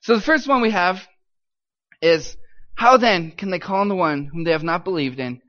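Upbeat high-voiced man coaching a crowd. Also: normal speed, fairly bright tone. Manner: upbeat, encouraging, coaxing the crowd to repeat. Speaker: missions speaker. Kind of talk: live talk with audience call-and-response. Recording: slightly muffled lo-fi recording.

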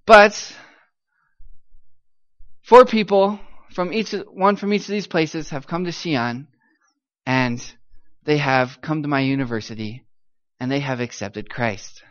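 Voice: mid-range voice, slow, long pauses, muffled recording. A missionary giving an upbeat church talk to a live audience, teasing them kindly and singing out syllables to demonstrate the tones.

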